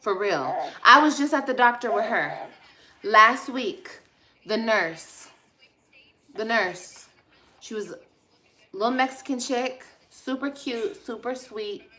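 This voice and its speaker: Female vlogger, casual livestream talk; bright, sharp tone; blunt, profane, sassy with viewers. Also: a little high, expressive, slow pace, pauses often. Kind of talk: casual livestream chat replying to comments.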